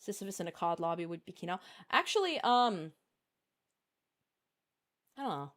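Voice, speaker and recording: A woman's voice: fairly low pitch, sing-song, moderate pace, fairly bright tone. A woman streamer chatting casually and candidly, rambling with lots of fillers.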